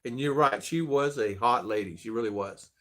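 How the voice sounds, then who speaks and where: A man's voice: mid-range voice, moderate pace, fairly bright tone. A middle-aged man hosting a casual livestream chat, greeting viewers by name in a chatty way. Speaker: livestream host.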